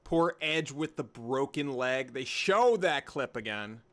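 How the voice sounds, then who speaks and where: A man's voice: medium pitch, animated, slow pace, a bit bright. A young man hosting a live wrestling watch-along, rambling and joking while he reads and answers chat by name. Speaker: livestream host reacting to wrestling.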